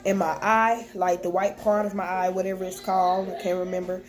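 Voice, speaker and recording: A woman's voice: medium pitch, little pitch movement, fairly quick. A young woman vlogger talking to the camera at home, telling a personal story in a candid, plain-spoken way and quoting what was said. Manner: candid, plain-spoken retelling with quoted dialogue. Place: at home with children nearby.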